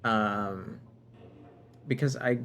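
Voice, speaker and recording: A man's voice: on the low side, very slow, creaky, a bit bright, a little hiss or hum. A man streaming a game live, musing aloud and bantering playfully with viewers.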